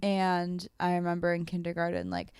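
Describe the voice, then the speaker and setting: A woman's voice: lowish voice, monotone, moderate pace, darkish tone, smooth, no room sound. A young adult woman hosting a podcast, telling stories candidly and self-deprecatingly, often laughing at herself. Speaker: podcast host. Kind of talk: casual chat.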